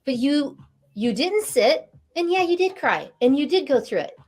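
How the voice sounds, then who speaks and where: A woman with a somewhat high voice hosts a live interview. She is enthusiastic and affirming, and she greets her audience warmly by name. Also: sing-song, normal speed. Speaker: interview series host.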